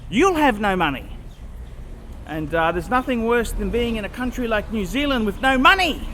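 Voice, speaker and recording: A man with a high voice for his sex delivers an unscripted vlog rant. He is blunt and repetitive and keeps clearing his throat. Faint traffic hums in the background of the outdoor recording. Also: very animated, normal speed, pushed and bright. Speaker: vlogger. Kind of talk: off-the-cuff rant to camera.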